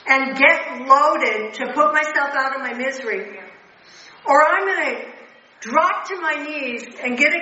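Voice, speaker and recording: A woman's voice: sits high, sharp tone. An older woman speaking earnestly and bluntly about recovery to a meeting, heard from a distance in a large room. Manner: emotional, earnest, blunt with profanity. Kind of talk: personal recovery talk. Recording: distant, echoey, muffled hall recording.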